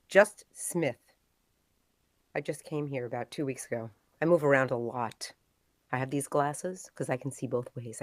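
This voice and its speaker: A woman playing a paranoid, secretive agent who speaks in clipped, suspicious lines and swings between loud outbursts and whispers, over a video call. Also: a bass voice, no room sound. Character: paranoid secretive agent hunting a missing partner. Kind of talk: improv comedy character.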